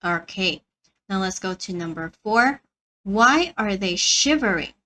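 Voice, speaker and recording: A woman teaching a beginner English lesson, slowly and carefully repeating words for learners. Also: mid-range voice, lively intonation, bright, forceful tone, poor audio.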